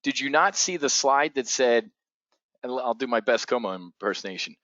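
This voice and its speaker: A man hosting an options trading show, giving excitable, blunt commentary full of swearing. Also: medium pitch, moderate pace, no echo, dull audio. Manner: excitable, profane, blunt asides. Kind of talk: live market commentary.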